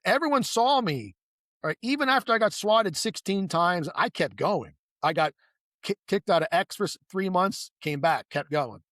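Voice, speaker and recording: A man with a fairly high voice tells a long story in an easygoing, conversational way. He restarts sentences, adds asides and acts out quoted lines, and the sound is close and dry. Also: moderate pace, dry recording. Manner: animated storyteller who acts out quoted dialogue; rambling with many restarts and asides. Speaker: guest.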